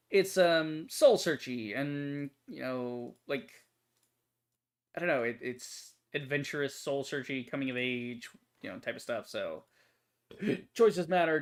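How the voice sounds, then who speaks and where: A man's voice: medium pitch, fairly bright tone. A young man hosting a gaming channel, chatting casually through a game demo in a rambling way, full of fillers and self-corrections. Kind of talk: casual let's-play commentary.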